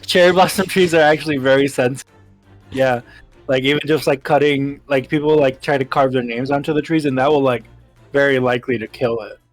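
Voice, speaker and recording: A man's voice: medium pitch, steady tone, a little fast, no room sound, soft background music. A man streaming a game, chatting casually with friends, laughing often and filling with "like". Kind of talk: casual let's-play chat.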